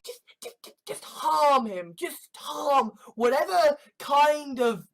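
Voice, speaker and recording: A man's voice: extremely high pitch, lively intonation, slow, vocal fry. A man delivering an indignant, sarcastic, profane rant, often repeating and stumbling over his words. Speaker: online commentator. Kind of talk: ranting monologue compilation.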